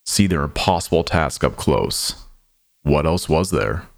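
Deep-voiced man narrating a somber tale. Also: animated, gravelly. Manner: measured, somber storytelling. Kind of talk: scripted drama narration.

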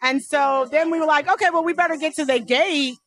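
A woman co-hosting a podcast, telling a story in animated casual chat and acting out the quotes. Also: sits high, a little fast. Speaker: podcast co-host.

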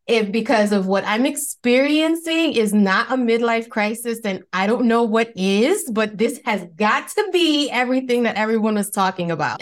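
A woman in her thirties from the Bronx with a Bronx New York accent, chatting expressively as a podcast guest and laughing often. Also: medium pitch. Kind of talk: casual interview chat.

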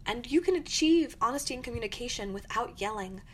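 An earnest young woman hosts her own podcast, talking through advice in an encouraging, reflective way. Her voice sits a little high, with a faint hiss behind it. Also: expressive, fairly quick. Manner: earnest, encouraging, acts out angry quotes. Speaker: podcast host.

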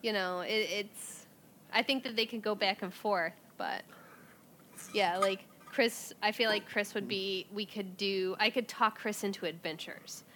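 A woman in casual podcast chat, thinking aloud with hesitant pauses. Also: mid-range voice, steady tone, bright, forceful tone, slight background noise. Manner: thoughtful, hesitant, with frequent "um" and laughs.

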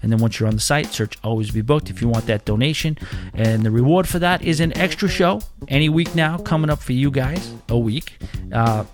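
A man's voice: medium pitch, brisk, faint music behind. A man hosting a podcast solo, chatting loosely with a self-deprecating, rambling manner. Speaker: podcast host. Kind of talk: casual solo podcast chat.

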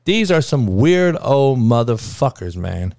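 A man's voice: mid-range voice, big pitch swings, slow, darkish tone, no echo, studio quality. A man hosting his own talk show, ranting heatedly and swearing constantly in street slang. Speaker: sports talk show host. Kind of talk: unscripted profane rant.

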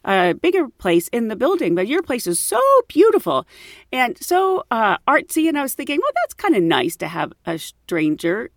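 Animated woman telling funny stories. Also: on the high side, moderate pace, no room sound, clean studio sound. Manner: animated, laughing, quotes her own thoughts. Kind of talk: casual storytelling.

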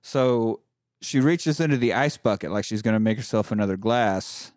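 A man recapping a film's plot in casual chat, animated and crude. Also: lowish voice, normal speed, dry recording, studio quality. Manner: animated storytelling with crude humor. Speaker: podcast host recapping a film.

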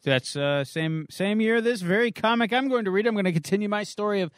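A man's voice: high-pitched, fairly quick, clean tone, dry recording, studio quality. A man co-hosting a podcast, casually recapping a comic issue and rambling with many uhs and ums. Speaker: podcast co-host.

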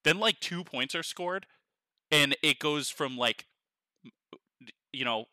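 A man co-hosting a podcast in casual chat, rambling excitedly and laughing often. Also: fairly high pitch, slow pace, no echo. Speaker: podcast co-host. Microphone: headphones on, podcast mic.

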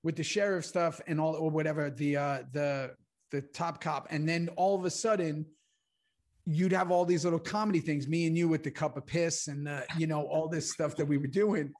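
A man's voice: fairly high pitch, moderate pace. A man co-hosting a podcast, telling a story with energy and swearing freely. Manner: animated storyteller, acts out quotes, swears. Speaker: co-host.

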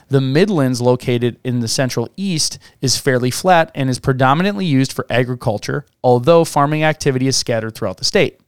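Smooth-voiced man co-hosting a podcast. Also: mid-range voice, dry recording, clean studio sound. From United States. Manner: reads facts then jokes and laughs. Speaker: podcast co-host. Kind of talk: casual chat reading research notes.

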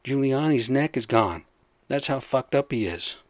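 A man's voice: mid-range voice, expressive, a little slow, no echo. Casting: fired-up, foul-mouthed man ranting on his own, dry close sound. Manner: profane, worked-up, rambling. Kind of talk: casual rant.

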